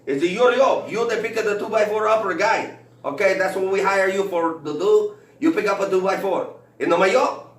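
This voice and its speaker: A man voicing a pushy male construction coworker. He talks loud, high and scolding. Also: moderate pace, close to an everyday voice. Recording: roomy, from a distance.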